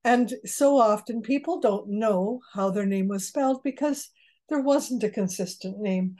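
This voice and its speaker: Brief: older woman, warm dark tone, easygoing storyteller in an interview. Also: medium pitch, unhurried. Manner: storytelling, chuckles at her own jokes. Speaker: genealogist guest. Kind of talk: conversational interview.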